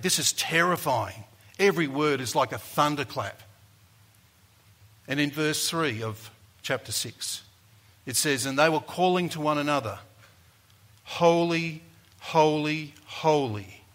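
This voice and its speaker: A man preaching a sermon, rising to loud emphasis and falling back to soft, low lines. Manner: dynamic, builds to loud emphasis then drops soft.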